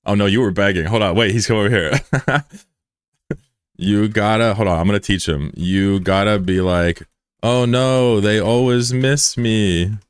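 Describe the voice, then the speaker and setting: A man's voice: fairly low pitch, moderate pace, no room sound, studio quality. A man streaming live, chatting casually with his viewers, joking and swearing as he banters with chat.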